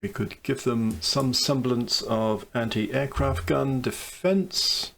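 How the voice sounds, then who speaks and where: Gravelly man musing through a strategy game. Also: medium pitch, expressive, takes it slowly, a bit bright. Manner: thinking aloud, musing over choices. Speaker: let's play commentator. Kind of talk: casual gameplay commentary.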